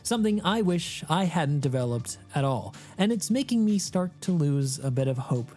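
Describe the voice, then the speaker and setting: A man narrating a scripted commentary video, measured, earnest and a little weary. His delivery is lively, with a wide swing in pitch. Faint music sits under his voice. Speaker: video creator.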